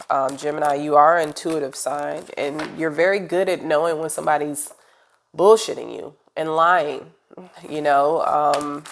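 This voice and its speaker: A woman with a low voice reads tarot cards aloud in a loose, chatty way. She sounds congested from a cold, and her talk drifts and rambles with "um"s and "you know"s. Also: slight background noise. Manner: chatty, rambling, direct address with fillers. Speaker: tarot reader. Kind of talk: casual tarot reading.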